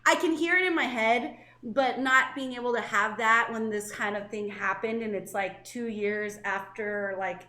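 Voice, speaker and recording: A woman's voice: fairly high pitch, moderate pace, few pauses, sharp tone, echoey room. A woman in her thirties from Southern California, co-hosting a casual podcast and talking candidly, with lots of fillers and restarts. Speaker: co-host.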